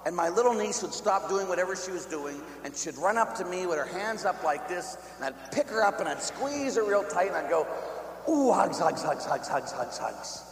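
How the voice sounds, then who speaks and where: Priest preaching in an echoey hall. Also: male voice, high-pitched, fairly quick, hardly any pauses. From Pittsburgh, USA. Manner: lively storyteller who laughs at his own stories, then drops to soft hushed tones. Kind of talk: storytelling sermon. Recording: echoey church hall with faint hum.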